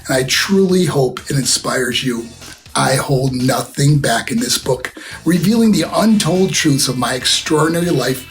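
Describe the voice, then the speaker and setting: Man, scripted promotional read, upbeat, middle pitch, faint music behind. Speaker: former wrestler promoting his book.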